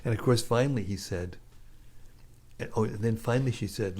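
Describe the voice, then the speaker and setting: A man's voice: fairly low pitch, brisk, long pauses, darkish tone, slightly rough. A man giving an informal scripture talk, storytelling casually and chuckling often. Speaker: scripture class speaker.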